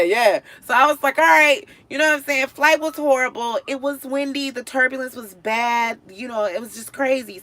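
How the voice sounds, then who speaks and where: A woman live-streaming, casually telling a story to her viewers. She is animated, dropping to low mutters and then rising to loud, exasperated outbursts. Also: creaky.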